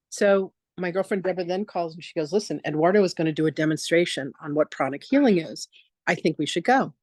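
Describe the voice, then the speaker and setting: A woman hosting an online masterclass, telling a story in a chatty, animated way and acting out quotes in a lively voice over a video call. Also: on the low side, no room sound, studio quality. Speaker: spiritual teacher hosting a free online masterclass. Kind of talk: casual storytelling on a live video session.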